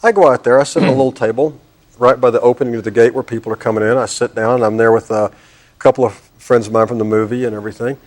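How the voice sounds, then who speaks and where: A man's voice: mid-range voice, steady tone, fast, darkish tone. A middle-aged man with a drawl spins a long anecdote as a talk show guest. He acts out his own irritation as he goes. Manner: drawling storyteller, acting out exasperation.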